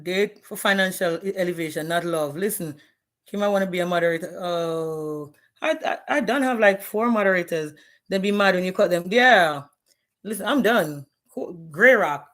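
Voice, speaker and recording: A woman's voice: fairly low pitch, moderate pace, a bit bright. A woman, ranting bluntly and profanely on a live stream, challenging her viewers. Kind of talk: candid live-stream rant.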